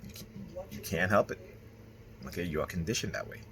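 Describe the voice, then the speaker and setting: A man's voice: deep voice, a little fast, background noise. A man talking casually to his viewers in a rambling monologue, tagging his points with "right?" and "okay?" and turning stern and emphatic as he retells arguments. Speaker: vlogger.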